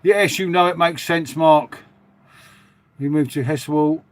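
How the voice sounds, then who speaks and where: A middle-aged Englishman with a slightly high voice speaks a little slowly. He's hosting a live stream, rambling casually and matily to viewers and reading their comments aloud.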